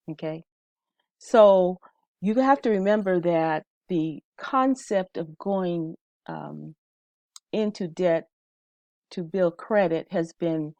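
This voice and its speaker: Woman instructor, low voice, dry close sound, chatty teaching delivery. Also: warm tone, dry recording. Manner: conversational, checks in with "okay?". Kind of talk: casual teaching talk.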